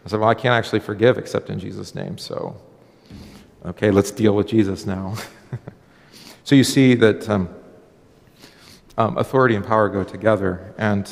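A man preaching as a pastor in a relaxed, conversational sermon, acting out little dialogues and often restarting his sentences. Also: lowish voice, moderate pace, creaky, pauses often. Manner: conversational, acts out dialogue, frequent fillers and restarts. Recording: long hall reverb.

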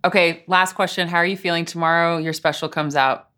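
A woman's voice: on the low side, fairly even intonation, brisk, fairly bright tone, smooth. A woman hosting a podcast, gushing and affectionate with her guest, who also reads the show's closing plugs. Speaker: podcast host. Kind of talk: interview and scripted outro.

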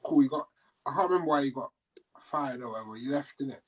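A young man with telling a school story in casual chat, setting the scene slowly and laughing often. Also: mid-range voice, slightly rough, low-quality recording.

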